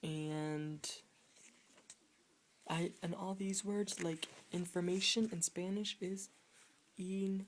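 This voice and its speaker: A woman teaching a video lesson on Spanish grammar rules, explaining patiently and haltingly, often restarting phrases and pointing at written words. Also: on the low side, fairly even intonation, a little hiss or hum.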